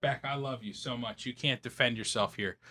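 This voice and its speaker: A man's voice: medium pitch, brisk. A young man co-hosting a comedy podcast, telling stories with lots of swearing and acted-out quotes. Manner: animated storytelling, swears often, acts out quotes. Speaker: podcast co-host. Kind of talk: casual comedic podcast banter.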